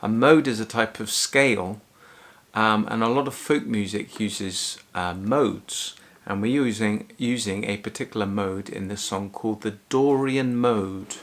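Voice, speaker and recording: A man's voice: fairly low pitch, measured pace. A male music teacher giving a friendly, casual lesson, explaining as he goes with frequent ums and small restarts.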